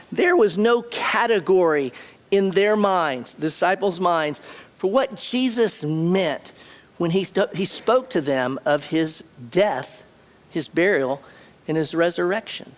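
A middle-aged man preaching a sermon, acting out the quoted lines with shifting voice and pace. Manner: animated, acts out quotes with shifting pitch and pace. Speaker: pastor.

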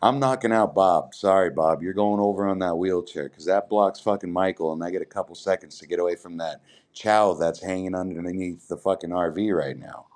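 A man hosting a podcast, telling a long profane story in casual, animated chat. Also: low-pitched, a little fast. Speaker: podcast host.

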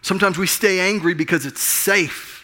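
In a high-pitched, pushed, bright voice, a middle-aged man preaches at normal speed. He is a pastor recounting something from his own life, conversational and self-deprecating, repeatedly backing up to begin again.

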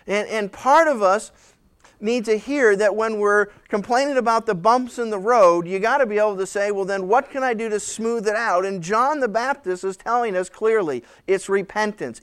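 Male pastor, high and clear, emphatic teaching style. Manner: conversational, emphatic, acts out quoted voices. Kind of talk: expository Bible teaching.

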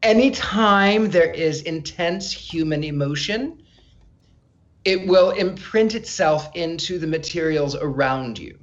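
A man as a psychic guest in an interview, telling stories in an animated, chatty way with frequent stammered restarts. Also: on the high side, slow pace, highs cut off. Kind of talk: casual interview storytelling.

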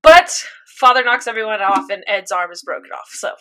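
Bright-voiced animated young woman. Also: mid-range voice, a little fast. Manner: animated storytelling, acts out reactions. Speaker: podcast co-host recapping an anime. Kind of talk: casual chat.

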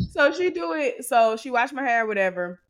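A woman co-hosting a podcast, telling an animated, exasperated story and acting out what others said. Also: fairly high pitch. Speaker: podcast co-host. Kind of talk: casual storytelling to a co-host.

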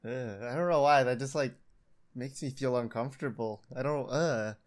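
A man chatting casually with a friend, easygoing and quick to laugh. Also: medium pitch. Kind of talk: casual chat.

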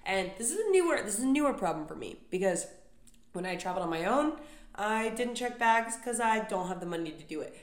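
A young adult woman hosts a podcast, delivering a comedic solo rant packed with profane, exasperated complaints. Her mid-range voice swings widely in pitch at a brisk pace, captured on a podcast microphone with a roomy echo.

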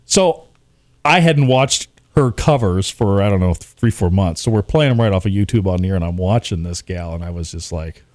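Rambling self-mocking DJ. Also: male voice, low-pitched, expressive, moderate pace, a little mellow, no room sound, studio quality. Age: 40s. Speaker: radio DJ guest. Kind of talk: casual podcast chat.

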